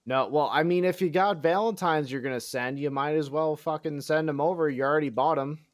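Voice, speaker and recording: Fairly high-pitched and brisk, this man's voice is captured dry in clean studio sound. He chats through a game stream with mock-bragging sarcasm, self-deprecating jokes, curses and thoughts spoken aloud.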